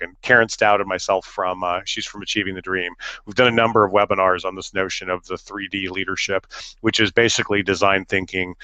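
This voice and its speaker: A man's voice: lowish voice, a bit bright, no echo. A middle-aged man giving an education webinar talk, a chatty storyteller with self-deprecating humor and frequent fillers. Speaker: education presenter. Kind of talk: webinar talk with personal anecdotes.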